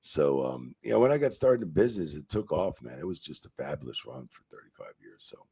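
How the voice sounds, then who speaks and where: A man's voice: rumbling low, very animated, a little fast, gravelly, mellow, slightly rough. A man, a retired wrestling referee telling stories in a casual interview, rambling and profane, full of "you know" and "man.".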